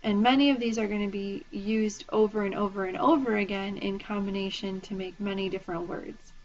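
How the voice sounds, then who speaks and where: A woman's voice: medium pitch, steady tone, a little fast, darkish tone. A woman instructor giving a recorded lecture, patiently explaining terms and spelling them out letter by letter. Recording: dull lo-fi lecture recording with faint noise.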